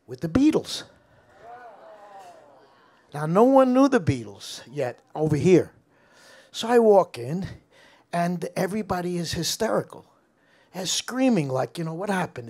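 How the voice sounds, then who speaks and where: Laughing and animated, an older American man shares tales from his years in music during a relaxed interview, frequently starting his sentences over. His voice is fairly high in pitch.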